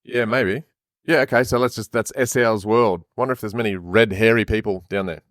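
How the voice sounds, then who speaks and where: A man's voice: lowish voice, fairly even intonation, a little fast, fairly bright tone, dry recording, studio quality. A man co-hosting a podcast, reading scripture aloud in a casual, chatty way and stopping often to comment. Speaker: podcast co-host and reader.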